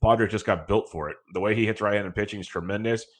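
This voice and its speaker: A man co-hosting a sports podcast, giving quick, confident analysis in a casual tone. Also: fairly low pitch. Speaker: podcast co-host.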